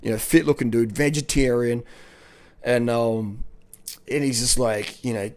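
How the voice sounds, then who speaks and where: An Australian man talks straight to his audience in a loose, rambling monologue. He gets excited easily, throws in "man" and mild swearing, and speaks with an ordinary mid-range pitch. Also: unhurried. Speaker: cycling vlogger. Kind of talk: casual monologue.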